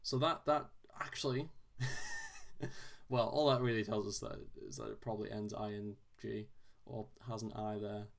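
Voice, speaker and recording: A man solves a crossword on video, thinking aloud casually and haltingly, restarting often and tossing in self-deprecating asides. His voice is lowish and steady, with vocal fry.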